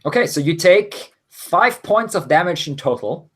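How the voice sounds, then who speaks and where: A man's voice: sits high, animated, unhurried, a bit bright, slight background noise. A man narrating as game master of a tabletop game, explaining rolls with many hesitations and restarts.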